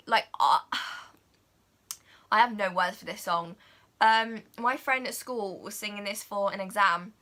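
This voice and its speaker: A young woman chatting excitedly as a vlogger, gushing and filling her talk with "like" and "oh my God". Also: mid-range voice. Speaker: vlogger reviewing a film. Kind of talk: casual chat.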